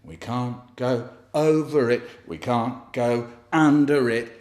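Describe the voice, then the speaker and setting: A man reading children's stories aloud, playful and animated, with sound effects and silly voices. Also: mid-range voice, slow pace. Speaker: children's poet and storyteller. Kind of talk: expressive children's story reading.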